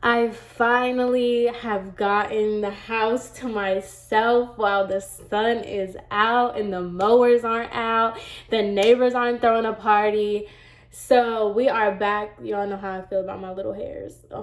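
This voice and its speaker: A woman's voice: fairly high pitch, fairly even intonation, a little slow. Young woman vlogger, stuffy from a cold, rambling storytime chat, roomy home echo. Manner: chatty, rambling, lots of "like" and "y'all". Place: home room.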